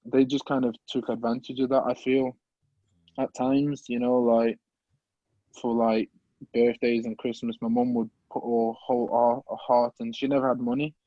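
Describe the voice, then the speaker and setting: A man, earnestly telling his life story as a podcast guest in a halting, open and emotional way. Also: mid-range voice, flat delivery, warm tone, no echo, muffled recording. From English Midlands. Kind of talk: personal life story in an interview.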